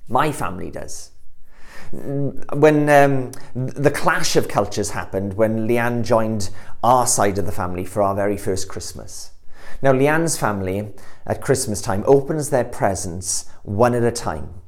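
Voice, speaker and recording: A man preaching a sermon, earnest, swelling louder and slower on the key words. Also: lowish voice.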